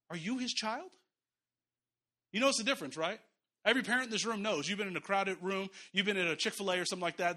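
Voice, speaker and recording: Preaching in church, this pastor has a high, bright voice with a forceful, sharp edge. He addresses the congregation in a conversational way, occasionally chuckling and returning again and again to his key phrases.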